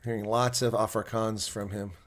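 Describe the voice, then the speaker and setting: Streaming solo, a man with a fairly low voice gives live play-by-play rugby commentary at a moderate pace. He talks casually but gets excitable, rising to near shouting as attacks build near the try line.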